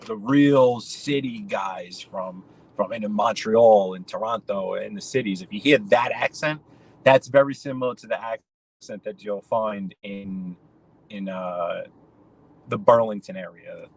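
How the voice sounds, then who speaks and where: A New York man hosts a live stream while driving, chatting casually from his car. His voice sits lowish and moves a little slowly, and he rambles and addresses viewers by name. The recording is rough.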